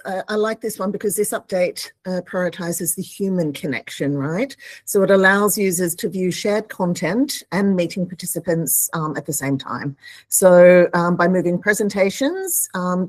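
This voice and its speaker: A woman's voice: medium pitch, dry recording. A woman co-presenting a live online webinar, friendly, with many fillers.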